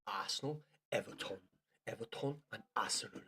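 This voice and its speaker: A man's voice: on the low side, normal speed, bright, forceful tone, a little hiss or hum. A man chatting casually to viewers on a live game stream, swearing freely and calling everyone lad.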